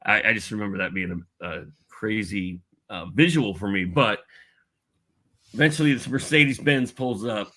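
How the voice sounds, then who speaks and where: A middle-aged guest from Indiana energetically tells a story from his own life in a casual podcast chat, taking on the voices of the people he quotes. He has a fairly low pitch and a sharp tone, speaking at normal speed.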